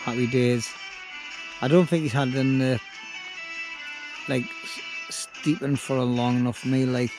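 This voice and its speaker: Bloke vlogging from a night beach camp, chatty and rambly, tunes going in the background. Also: male voice, mid-range voice, fairly even intonation, measured pace, pauses often, low-quality recording. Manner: rambling, chatty, self-deprecating. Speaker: bushcraft vlogger. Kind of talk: casual chat to camera. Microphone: handheld camera. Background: music playing.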